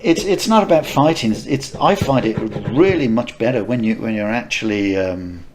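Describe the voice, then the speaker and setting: A man, co-hosting a podcast, telling stories in a casual, animated way. He stammers on restarts and laughs often. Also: mid-range voice, moderate pace, crowd noise. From United Kingdom. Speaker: podcast co-host, martial arts instructor. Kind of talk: casual anecdotal chat.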